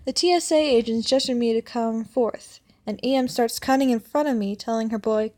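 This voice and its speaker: A woman's voice: a little high, normal speed, few pauses, a little mellow. A young woman reading an online story aloud, often stumbling and correcting herself. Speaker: story reader.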